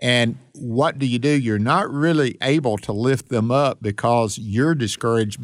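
A man's voice: medium pitch, measured pace, hardly any pauses, no room sound, studio quality. A man hosting a radio Bible study as a pastor, talking with earnest preacherly emphasis.

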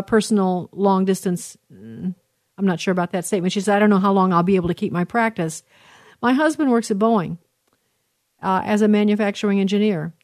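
A woman's voice: mid-range voice, darkish tone, no room sound, clean studio sound. A middle-aged woman hosting a talk radio show, reading listener messages in an earnest, emotional way with many fillers and restarts.

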